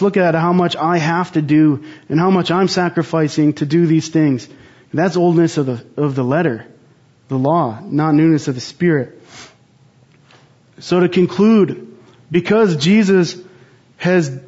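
A man's voice: sits high, a little mellow, muffled recording. A man co-hosting a Bible study, teaching in an earnest, rambling way with frequent restarts.

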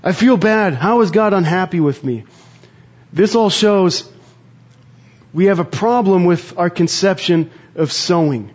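A man preaching a sermon in an earnest, conversational way, pausing to reflect. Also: sits high, dull audio. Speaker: pastor.

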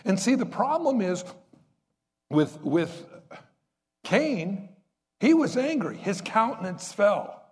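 Lively preaching man in a reverberant hall. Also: high voice, slow pace, long pauses. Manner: conversational preaching, rhetorical questions to the congregation. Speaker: pastor. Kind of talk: sermon.

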